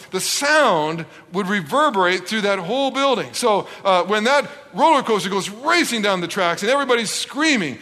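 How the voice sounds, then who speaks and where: A middle-aged man from Canada preaching with an animated storytelling manner, acting out dialogue with self-deprecating humor. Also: high-pitched. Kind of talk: storytelling sermon. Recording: long reverb in a large hall.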